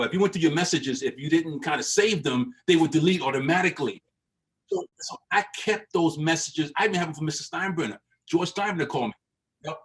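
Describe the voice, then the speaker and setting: A man in his sixties, a former baseball player and manager, speaking animatedly in a casual interview and repeating words when excited. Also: on the high side, distant mic, poor audio.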